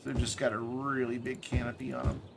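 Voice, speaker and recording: A man streaming a city-building game, thinking aloud in relaxed commentary with small asides. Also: mid-range voice, fairly quick, vocal fry, background noise.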